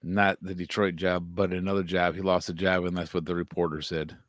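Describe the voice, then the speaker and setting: A man's voice: low voice, little pitch movement, fairly quick, no echo. Dry-voiced man co-hosting a sports podcast. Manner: crude, joking, reads out picks and results. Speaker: podcast co-host. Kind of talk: casual sports chat.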